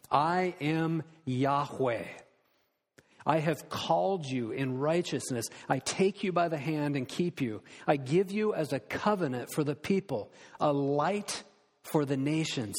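A man preaches with earnest, measured emphasis, stretching out the words he wants to land. His voice sits a little high for a man. It rings out with the long reverb of a church hall. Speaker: pastor. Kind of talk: sermon.

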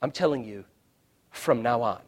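A male pastor preaching a sermon, swinging from hushed, quiet lines to loud shouted ones. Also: mid-range voice, lively intonation, moderate pace.

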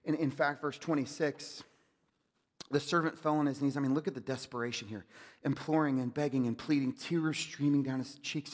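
A male pastor preaching a sermon, swinging from loud urging to hushed near-whispers. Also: on the high side, fairly quick, big-room sound.

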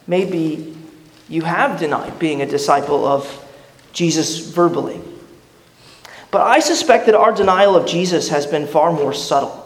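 A man's voice: on the high side, unhurried. A man preaching a sermon as pastor, earnest and questioning, often restarting his words. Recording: echoey hall reverb.

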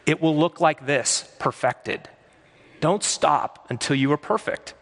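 Pastor guy preaching, earnest, kinda high voice, lots of church echo. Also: measured pace, fairly bright tone. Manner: earnest, emphatic preaching with repeated phrases. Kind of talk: sermon. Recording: long hall reverb.

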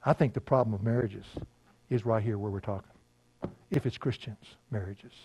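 Folksy older preacher. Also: male voice, fairly low pitch, normal speed, breathy edge, lo-fi sound. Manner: folksy storytelling, laughing, swings from loud to hushed. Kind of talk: sermon with personal stories.

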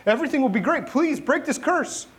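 A man voicing a cursed frog who claims to be a princess, in a high, pleading voice. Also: animated, fairly quick.

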